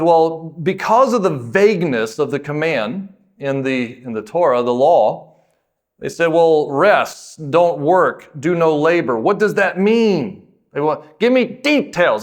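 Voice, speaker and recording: A man preaching a sermon as pastor, in a conversational way, asking questions and answering them himself, and slowing down to stress key words. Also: a little high.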